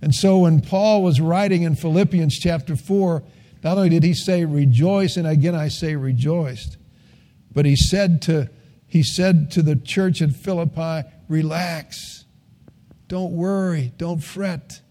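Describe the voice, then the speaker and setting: A man's voice: fairly high pitch, a little slow, warm tone. An older man preaching a sermon, telling folksy stories and rising to earnest emphasis. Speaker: pastor.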